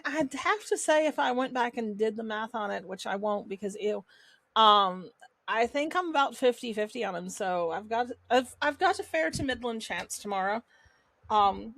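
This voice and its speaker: A woman with a fairly high voice chats as a guest. Her delivery is dry, teasing and sarcastic. The sound is dry and close. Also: gravelly, a bit bright, no room sound. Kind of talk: casual podcast chat.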